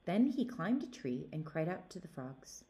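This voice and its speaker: Children's storyteller, woman, low and very animated. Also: moderate pace. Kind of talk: reading a fairy tale to children.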